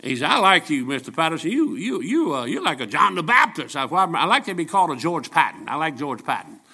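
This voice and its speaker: Bright-voiced seventy-year-old male preacher. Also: fairly high pitch, sing-song, a little fast, breathy edge. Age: 70s. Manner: folksy, joking, emphatic preaching. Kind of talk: storytelling sermon.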